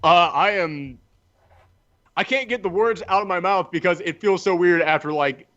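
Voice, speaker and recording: Excitable man with a higher voice. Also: moderate pace, dull audio. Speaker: podcast co-host. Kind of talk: casual chat.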